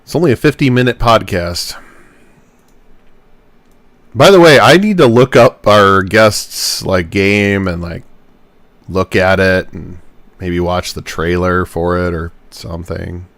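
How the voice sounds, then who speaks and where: A man's voice: low voice, slow pace, pauses often, a bit bright, no room sound. A young man and podcast host chatting casually on a livestream while editing his own show, self-mocking and rambling, with some swearing.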